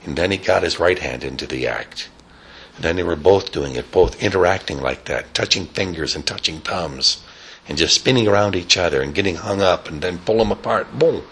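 A man telling a rambling, improvised story, animated, with sound effects and casual asides. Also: sits low, brisk, slightly rough.

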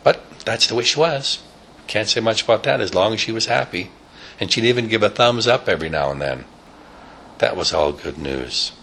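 A man telling a rambling, improvised story, animated, with sound effects and casual asides. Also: lowish voice, moderate pace, a little hiss or hum.

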